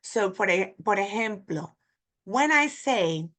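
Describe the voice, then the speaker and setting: Bright-voiced teacher. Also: female voice, mid-range voice, lively intonation. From Puerto Rico. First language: Spanish. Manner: demonstrative, repeating example words slowly. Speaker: Spanish teacher. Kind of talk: online pronunciation lesson.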